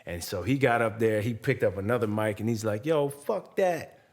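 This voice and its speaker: A man's voice: fairly low pitch, a little fast. A man co-hosting a podcast, telling loose, rambling stories in a casual chat. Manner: rambling storyteller with restarts and laughs. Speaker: podcast co-host and hip-hop artist.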